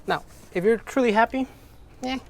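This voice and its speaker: A man's voice: very high voice, moderate pace, creaky, slight background noise. A man with English as his second language, frankly chatting in a rambling, motivational way while detailing his car, swearing casually.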